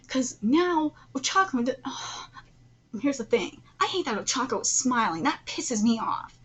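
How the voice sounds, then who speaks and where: A woman streamer reacting live to a manga chapter with loud, profane, indignant ranting. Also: high voice, lively intonation, a little slow, husky. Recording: dull lo-fi stream audio.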